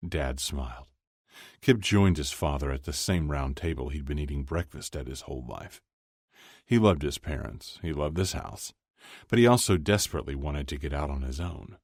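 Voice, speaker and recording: Give me a very low-voiced man narrating an audiobook in a dry, close sound. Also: moderate pace, a little mellow, no room sound.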